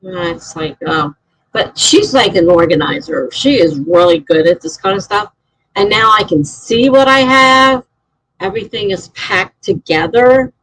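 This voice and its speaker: A woman's voice: mid-range voice, expressive, a little slow, fairly bright tone, slightly rough, dry recording, rough recording. A middle-aged woman live streaming, telling a story in a rambling, chatty way with lots of fillers. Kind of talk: casual chat.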